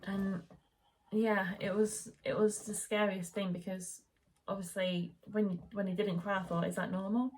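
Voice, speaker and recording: A woman's voice: mid-range voice, a little slow. A young woman chatting casually at home, telling the story of her labour and birth. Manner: chatty, animated retelling, quoting the midwife in raised voice. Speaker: vlogger.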